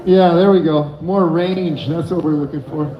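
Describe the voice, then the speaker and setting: A man's voice: fairly high pitch, fairly even intonation, normal speed, a crowd in the background. A man doing a rambling, giggly stand-up set on a bar stage with a handheld mic. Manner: rambling, giggly, loose delivery. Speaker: open-mic comedian. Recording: echoey room, muffled mic.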